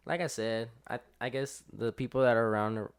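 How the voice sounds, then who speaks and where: In casual podcast talk, a young adult male guest tells a story filled with fillers, acting out quotes in lively voices. His voice is medium-pitched and smooth, at a moderate pace.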